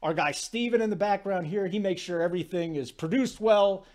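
A man in his forties hosting a sports talk show, telling stories in a rambling, animated way with lots of asides. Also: high-pitched, a little fast. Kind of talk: casual sports talk monologue.

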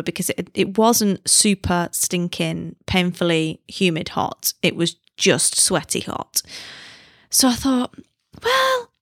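A woman's voice: medium pitch, creaky, no echo, clean studio sound. A woman in her thirties hosting a podcast, chatting casually and rambling into giddy tangents. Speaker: podcast host. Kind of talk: casual chat.

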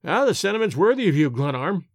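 A man voicing a dry, mocking male friend at supper in a story reading, in a lively voice. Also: high-pitched, fast talker, dry recording, full character voice.

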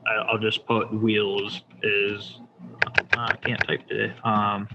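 Guy with a low flat voice going thru his shop software, lots of you know and um, kinda lo-fi sound. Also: slow pace, very noisy. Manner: relaxed, explaining step by step with many fillers. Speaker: shop owner demonstrating software. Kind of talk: casual screen-share demo.

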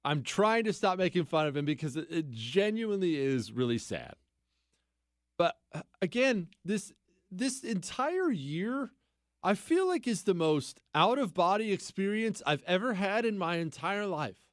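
A man's voice: high-pitched, sing-song, measured pace, dry recording, studio quality. A man hosting a talk radio show, delivering a sarcastic political commentary monologue with mocking repetition and incredulous outbursts.

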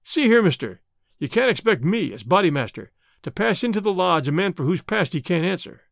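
A domineering gang boss fires off hard, probing questions and blusters with menace, voiced by a male audiobook narrator. The voice sits higher than usual and swings widely in pitch, and the sound is dry and close. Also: big pitch swings, a little fast, vocal fry, no room sound, exaggerated voice. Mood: blustering. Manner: blustering, interrogating. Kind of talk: audiobook character reading.

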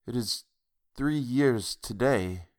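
A man's voice: mid-range voice, expressive, moderate pace, a bit bright, pitched above the performer's own voice, natural voice. A man voicing an eager, longing haunted suitor. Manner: eager, pleading.

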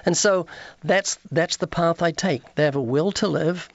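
A man's voice: fairly high pitch, moderate pace, creaky, dry recording, highs cut off. A man, an evangelist guest on a radio interview, preaching earnestly, quoting scripture and acting out street conversations.

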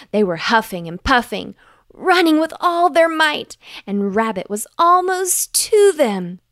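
A woman narrating a bedtime story for children, gentle, clear and unhurried. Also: medium pitch, dry recording, studio quality.

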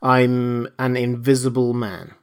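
A man's voice: mid-range voice, flat delivery, slow, clear, resonant tone. A man voicing a desperate, wounded invisible man who speaks with urgent, threatening insistence. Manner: urgent, pleading yet threatening.

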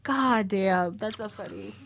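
A woman co-hosting a casual chat, telling stories in a blunt, profane, animated way. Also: medium pitch, a little slow, slight background noise. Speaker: podcast co-host.

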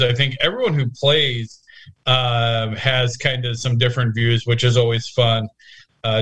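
A man's voice: medium pitch, pushed and bright. A man co-hosting a casual podcast chat, teasing and joking, laughing often. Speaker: podcast co-host.

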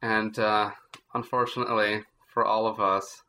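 A man's voice: fairly low pitch, little pitch movement, moderate pace, sharp tone. A man hosting a book podcast in casual chat, playful and full of "uh" fillers. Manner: playful, lots of fillers and laughs. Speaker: podcast host.

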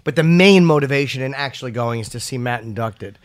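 A man's voice: medium pitch, fairly quick, no room sound, studio quality. A man hosting a podcast in casual chat, joking and rambling, with self-deprecating humor. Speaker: podcast host.

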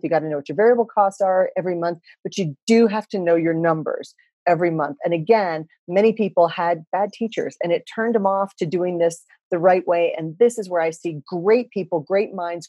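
Husky-voiced woman economist, chatty. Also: fairly low pitch, warm tone, no echo, dull audio. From USA. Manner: chatty, joking, confident explainer. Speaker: guest, economist and speaker. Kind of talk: casual podcast interview.

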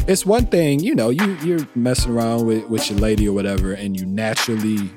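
A man co-hosting a podcast, giving advice in a relaxed, slangy way. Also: fairly low pitch, a little fast, music in the background. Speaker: podcast co-host. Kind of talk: casual chat.

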